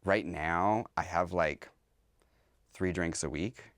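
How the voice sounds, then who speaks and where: A man's voice: sits low, takes it slowly, a bit bright, no echo, studio quality. A man, a drag performer, talking candidly as a podcast guest and slipping into other people's voices while telling stories. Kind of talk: casual interview.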